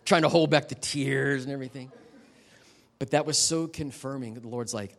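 A middle-aged man preaches as a guest at a church, speaking at an ordinary, middle pitch. He talks plainly and personally, with an open emotional tone and frequent asides to the listeners. His sermon is conversational, not formal. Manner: personal storytelling, emotional and candid, quick asides to the audience. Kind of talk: conversational sermon ending in prayer. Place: church service.

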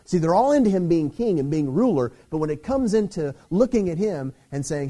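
A man's voice: a little high, big pitch swings, brisk, few pauses, dark tone. A man preaching a sermon in a conversational way, often checking in with his listeners. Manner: conversational preaching with frequent "okay?" check-ins. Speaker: pastor.

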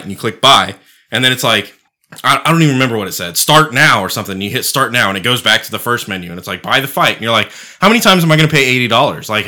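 Middle-aged dude on a podcast, swears a lot, rambles, bright tense voice, mid pitch. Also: male voice. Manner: profane, rambling storyteller. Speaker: podcast co-host. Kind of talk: casual chat.

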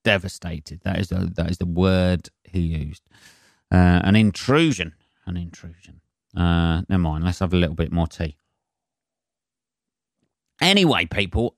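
A man's voice: lowish voice, a bit bright, no echo, studio quality. A man hosting a solo comedy podcast, ranting in a sweary, sarcastic and rambling way. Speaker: podcast host.

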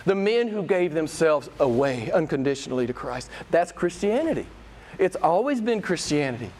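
A man's voice: a little high, very animated, normal speed, a little mellow. A man preaching a sermon in a church, impassioned and emphatic, repeating his phrases. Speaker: pastor.

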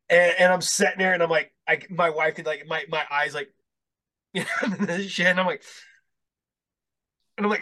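A man talking in a casual podcast chat with a bright, forceful voice that sits a little high for a man. He tells stories bluntly and swears freely, laughing here and there. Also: normal speed, pauses often.

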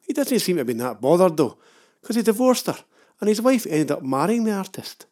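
A man's voice: high voice, sing-song, fairly quick, a little mellow. An older Scottish man narrating a comic travel story with wry, self-mocking asides. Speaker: travel vlogger.

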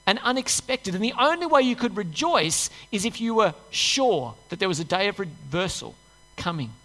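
A woman gives a sermon with Bible reading in church, her mid-range voice a bit bright. She talks to the congregation in a conversational manner and asks rhetorical questions. The sound has a long church-hall reverb.

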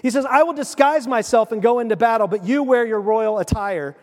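A man pastor preaching a sermon, telling the story with animated asides and acted-out voices. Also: extremely high pitch, fairly quick, long reverb tail.

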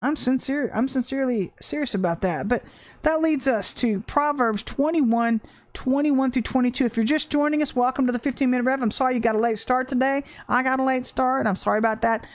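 Woman, preacher, casual livestream sermon, earnest, repeats words, fairly high voice. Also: fairly quick. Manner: earnest, animated, repeats phrases for emphasis. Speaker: preacher hosting a livestream devotional.

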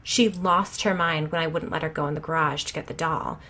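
A woman reading a first-person story aloud with a somewhat low voice. Her delivery is dry and conversational, with a wry edge. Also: steady tone, fairly quick, sharp tone. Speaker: narrator. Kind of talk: audiobook story narration.

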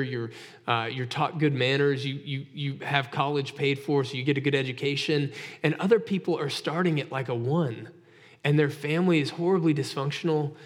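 A male pastor preaching a sermon in a conversational way, asking his listeners direct rhetorical questions. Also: on the high side. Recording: long hall reverb.

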